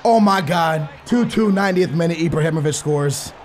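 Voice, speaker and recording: A young man giving excitable live commentary on his own football video game matches, muttering while he concentrates and yelling when he scores. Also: fairly high pitch, normal speed. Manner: excitable, bursts into shouting at goals. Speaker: gaming YouTuber.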